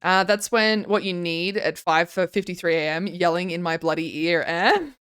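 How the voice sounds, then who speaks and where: A woman's voice: lowish voice, moderate pace, a bit bright, clear, resonant tone. A young woman streaming and chatting casually, reading her chat aloud and giggling often. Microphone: desk microphone.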